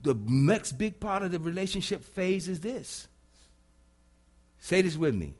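A man preaching a sermon, emphatic, who swings from hushed to loud and repeats phrases for effect. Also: sits high, sing-song, measured pace.

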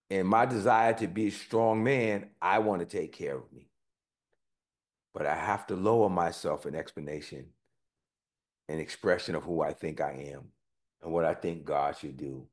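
A man preaching a sermon, reading scripture slowly and then explaining it in plain, folksy words. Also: darkish tone. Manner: reads scripture slowly, then rises in pitch and force as he explains; informal, folksy phrasing.

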